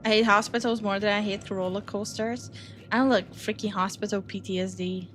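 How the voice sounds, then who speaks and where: A woman's voice: medium pitch, steady tone, a little fast, music in the background. A woman gaming streamer giving casual let's-play commentary, nervous and jumpy as she plays a scary game at home.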